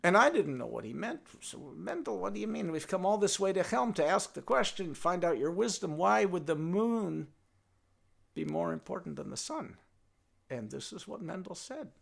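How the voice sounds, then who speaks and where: Gravelly older man telling a folktale. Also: high voice, normal speed. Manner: animated, playful, talks to his donkey puppet. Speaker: storyteller.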